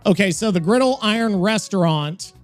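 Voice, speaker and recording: A man hosting a casual stream chat, excitable and quick to swear and laugh. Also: sits high, soft background music. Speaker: show host.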